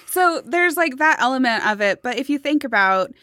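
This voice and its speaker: A woman's voice: high voice, expressive, moderate pace, bright, forceful tone, no room sound, clean studio sound. A young woman co-hosting a podcast in casual chat, emphatic and profane, talking in bursts with fillers. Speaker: podcast co-host.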